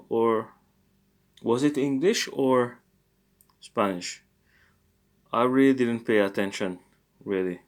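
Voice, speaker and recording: A male language teacher walks through an informal lesson at an unhurried, deliberate pace. His voice sits at an ordinary middle pitch. He thinks aloud with plenty of hesitations and catches his own slips good-naturedly. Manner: corrects his own mistakes good-humouredly.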